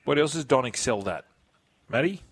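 A man's voice: medium pitch, animated, fairly quick, slight background noise. A man co-hosting a sports radio show, joking and teasing callers. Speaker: radio co-host. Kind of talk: casual sports radio banter.

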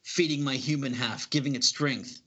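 Guy doing a cyborg soldier thinking, bright voice, fast and intense. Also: medium pitch, fairly even intonation, lightly acted. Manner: intense inner monologue. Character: half-human male cyborg soldier.

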